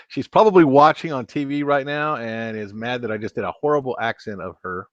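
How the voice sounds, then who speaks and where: A man's voice: medium pitch, brisk, fairly bright tone, no room sound, muffled recording. A man chatting casually with viewers while hosting a live stream, rambling and restarting his sentences. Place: home studio at a computer.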